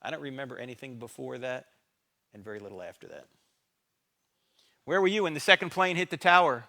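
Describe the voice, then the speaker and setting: Animated, bright-voiced man giving a church talk. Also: mid-range voice, brisk. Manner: dramatic, acts out dialogue, sarcastic humor. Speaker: guest speaker. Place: church sanctuary.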